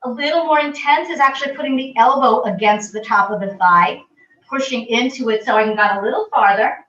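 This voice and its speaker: A woman fitness instructor calmly guiding a stretching class with gentle, reassuring cues. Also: a little high, a little fast. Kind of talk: guided exercise instruction. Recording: roomy, distant, dull audio.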